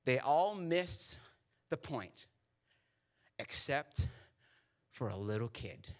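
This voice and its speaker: In a church auditorium, a pastor preaches a sermon, telling the story conversationally and with animation. He acts out the characters and checks in with the crowd, speaking slowly at a medium pitch.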